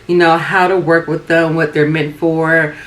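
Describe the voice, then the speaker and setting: A woman in her thirties, hoarse with a cold and sounding raspy, chatting casually and rambling with many fillers as a beauty vlogger. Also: low voice, flat delivery, unhurried, a bit bright. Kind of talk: casual chat.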